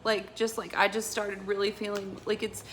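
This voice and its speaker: A woman's voice: mid-range voice, flat delivery, normal speed, fairly bright tone, a little hiss or hum. A woman giving a casual intuitive tarot reading, talking in a rambling, earnest and emotional way with many fillers. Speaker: tarot reader.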